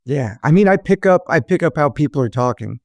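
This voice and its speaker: A man's voice: a little high, animated, a little fast, a little mellow, dry recording. A man from Atlanta, a guest actor and comedian, chatting casually on a podcast in a laid-back, self-deprecating way and laughing easily. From Atlanta, Georgia, US.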